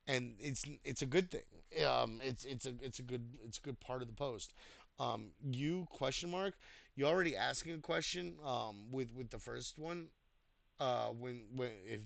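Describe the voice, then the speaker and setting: Tired man giving halting feedback. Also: medium pitch, gravelly, darkish tone, no echo. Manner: halting, many fillers and restarts. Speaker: writing coach reviewing posts. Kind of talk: casual spoken feedback. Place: home desk, online voice chat.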